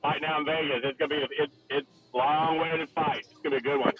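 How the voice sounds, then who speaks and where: A man's voice: a little high, fairly even intonation, quick pace, highs cut off, loud music behind the voice. A man co-hosting on a call, trading joking banter in casual chat.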